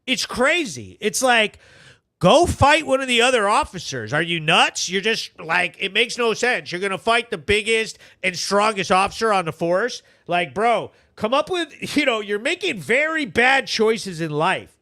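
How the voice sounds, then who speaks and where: A man's voice: sits high, big pitch swings, measured pace, pushed and bright, no room sound, clean studio sound. A man hosting a casual live-stream show, reacting animatedly with frequent laughter and reading out viewer comments. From Vermont, US. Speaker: host of a local news recap live show.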